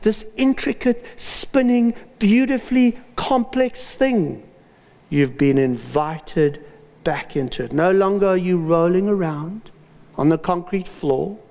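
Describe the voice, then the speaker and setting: Animated high-voiced preacher in a reverberant hall. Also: male voice, gravelly. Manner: animated, personal storytelling with dramatic pauses. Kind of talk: sermon.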